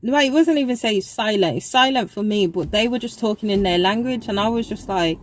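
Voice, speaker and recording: A woman's voice: medium pitch, fairly quick, slight background noise, rough recording. A young woman telling a casual storytime in a chatty, rambling way, full of fillers. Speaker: vlogger.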